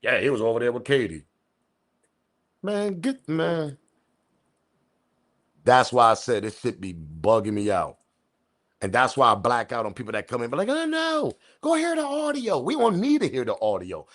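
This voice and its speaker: A man's voice: medium pitch, animated, moderate pace, pauses often, fairly bright tone. Incredulous man ranting on a live stream. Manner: incredulous, argumentative, slangy street talk. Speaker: commentary channel host. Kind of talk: animated live-stream commentary.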